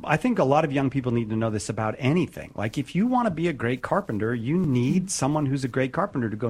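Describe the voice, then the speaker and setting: Animated male radio host. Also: medium pitch, fairly quick, hardly any pauses, husky. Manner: teasing, animated, laughs often. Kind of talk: live call-in radio talk.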